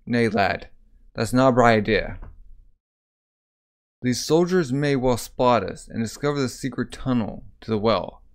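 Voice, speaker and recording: Man reading as a cautious old man, measured, advising, middle-pitched voice. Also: lively intonation, natural voice.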